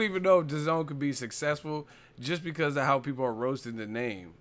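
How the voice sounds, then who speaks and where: A boxing channel host runs a live stream chat, his voice fairly high, brisk, and a bit bright. He talks loosely and profanely, giggly, repeatedly cracking up with laughter.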